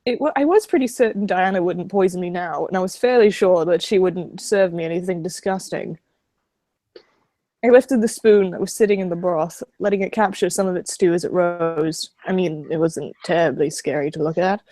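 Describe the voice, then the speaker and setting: A woman's voice: lowish voice, normal speed, warm tone, dry recording. A woman streamer reading first-person visual novel narration aloud on a close home mic.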